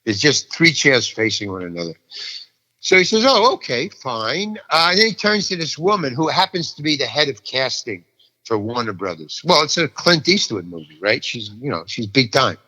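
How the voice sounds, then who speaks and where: A man's voice: medium pitch, very animated, normal speed, sharp tone, long reverb tail, low-quality recording. An older man telling a story about an audition, acting out the people in it and often repeating himself. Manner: restless, repeats himself, acts out each person in the story. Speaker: actor telling an anecdote. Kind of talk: animated storytelling.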